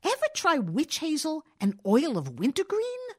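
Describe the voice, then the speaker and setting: Lady doing a cranky achy old-fashioned guy, whiny and fussy, pitch all over. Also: wildly swooping pitch, normal speed, a little mellow. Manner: complaining, fussy. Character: grumbling man with rheumatism, touchy.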